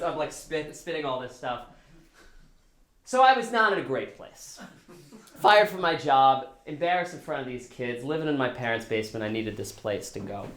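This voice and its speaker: A man's voice: medium pitch, a bit bright, reverberant. A man telling a personal story live, in a casual, self-deprecating way, acting out the dialogue as he goes. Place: small live storytelling venue.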